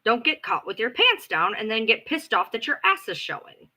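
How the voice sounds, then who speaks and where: A woman's voice: a little high, big pitch swings, normal speed, sharp tone, low-quality recording. A woman hosting a livestream, telling a story in a blunt, sarcastic and profane way. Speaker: livestream host. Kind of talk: ranting livestream chat.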